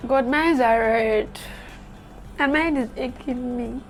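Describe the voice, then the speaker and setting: Young woman, high voice, dramatic and chatty vlog talk, faint music behind. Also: unhurried. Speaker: beauty vlogger. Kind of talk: casual vlog talk to camera.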